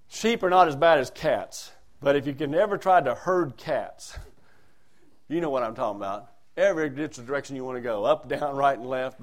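A man delivering a sermon at a mid-range pitch. His volume rises and falls sharply, from hushed asides to forceful emphasis, and he declaims scripture passages aloud in a raised, ringing voice. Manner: swings between soft asides and loud emphatic lines. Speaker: preacher.

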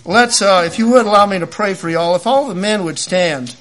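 Preacher guy in his 50s, high bright voice, folksy and animated, tells it like a story. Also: a little fast, faint music behind. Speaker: lay preacher. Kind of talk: sermon.

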